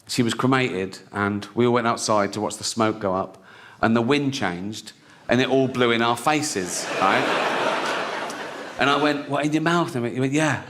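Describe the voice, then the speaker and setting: A man doing a stand-up routine, mocking and jumping into high-pitched impressions of other people. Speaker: stand-up comedian. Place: large theatre with live audience. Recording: live stage recording, loud audience noise. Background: audience laughter.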